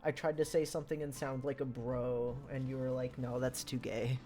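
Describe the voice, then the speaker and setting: A woman's voice: a bass voice, flat delivery, normal speed, mellow. A woman chatting casually on a livestream while she draws, making playful, teasing asides. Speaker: streamer drawing on stream. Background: music.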